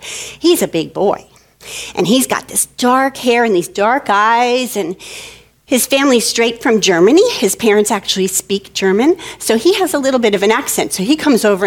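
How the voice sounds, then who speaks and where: A woman giving a talk, telling a childhood story in an animated way and acting out the children's voices. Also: medium pitch. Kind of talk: storytelling presentation.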